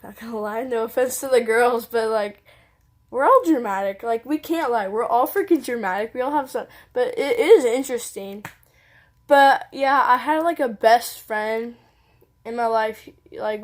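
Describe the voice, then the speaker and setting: A teenage girl telling a personal story on her vlog, rambling casually and saying "like" constantly. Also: on the high side. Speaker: vlogger.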